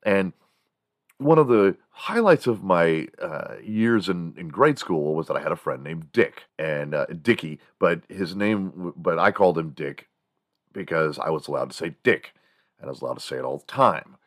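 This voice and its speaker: Male host, 40s, from Texas; rambling, foul-mouthed storyteller with a bass-low voice. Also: expressive, moderate pace, no room sound, clean studio sound. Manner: rambling, profane, laughs at his own stories. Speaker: morning show host. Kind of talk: casual comedic storytelling.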